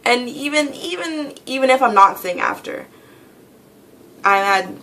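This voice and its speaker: Teen girl vlogger, bright tense tone, rambling, fed-up, laughs a lot. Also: on the high side, lively intonation, a little slow. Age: teens. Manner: rambling, exasperated, laughs often. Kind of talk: casual vlog rant.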